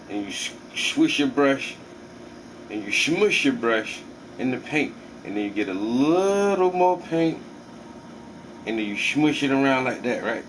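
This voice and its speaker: A man hosting a stream, giving rambling mock painting instructions in a casual, profane way. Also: medium pitch. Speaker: stream host. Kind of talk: joking casual chat. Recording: distant mic with hum behind.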